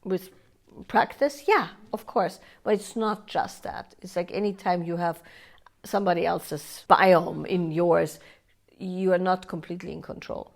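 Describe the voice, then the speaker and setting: A woman's voice: fairly low pitch, unhurried, gravelly. A woman leading a live workshop, talking conversationally with frequent "right?" and "yeah" tags and acting out inner voices in quoted asides. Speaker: workshop teacher.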